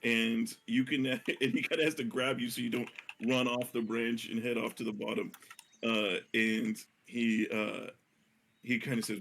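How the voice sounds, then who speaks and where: A man's voice: medium pitch, steady tone, moderate pace, creaky, fairly bright tone. Hesitant man running a tabletop game. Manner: hesitant, full of fillers and self-corrections. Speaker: game master.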